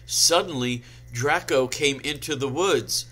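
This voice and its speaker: A man giving a comic dramatic reading, slow and deadpan, dropping in dry asides, over a home video call mic. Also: medium pitch. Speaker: guest reader.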